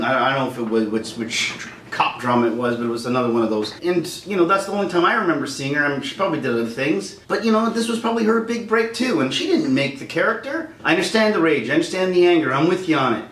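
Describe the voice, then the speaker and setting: A middle-aged man ranting on his vlog, heated and animated, slipping in and out of mocking voices. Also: fairly high pitch. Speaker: vlogger. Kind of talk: angry rant. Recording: roomy echo, distant mic, faint noise.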